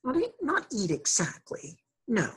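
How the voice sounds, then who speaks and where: A woman voicing a brave, sharp-tongued young male mongoose in a storybook reading, impatient and commanding. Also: fairly high pitch, huge pitch swings, measured pace, slightly rough, voice pushed up, full character voice. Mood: urgent.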